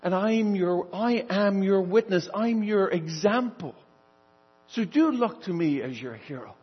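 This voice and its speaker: A man voicing a gentle, patient male teacher who speaks softly and corrects his followers without harshness. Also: high voice, expressive, unhurried, husky, muffled recording, exaggerated voice. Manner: soft and gentle.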